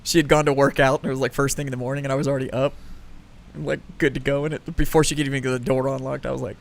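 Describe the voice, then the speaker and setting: A man co-hosting a podcast, telling animated stories and swearing freely. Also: mid-range voice, racing, gravelly. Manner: animated storyteller, swears a lot. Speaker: podcast co-host. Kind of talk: casual chat.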